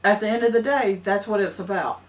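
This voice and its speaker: An older homesteading woman, talking earnestly and with emphasis, quick to laugh. Her voice is mid-pitched and picked up from a little way off the mic. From Middle Tennessee. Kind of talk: casual chat. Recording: distant mic.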